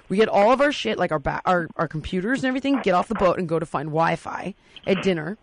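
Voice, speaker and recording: A woman's voice: on the low side, fast talker. A woman telling a story in casual podcast talk, acting out the quotes with lots of energy. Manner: animated, acts out quotes.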